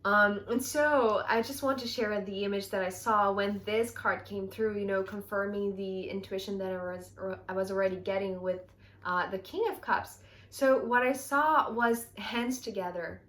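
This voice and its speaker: A woman's voice: medium pitch, moderate pace. Effusive woman reading tarot cards. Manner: chatty, full of "you know" and "right?"; effusive and excitable. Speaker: tarot reader.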